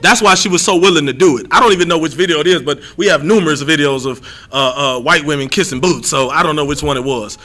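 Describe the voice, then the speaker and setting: A young man giving a livestreamed scripture teaching as a street preacher, animated and rambling, often repeating himself. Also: fairly high pitch, fast talker, few pauses.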